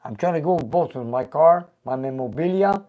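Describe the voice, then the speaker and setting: An older man hosting a casual live-stream show, reading viewer comments aloud and chatting in an animated way. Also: a little high, a little fast, muffled recording. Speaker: show host.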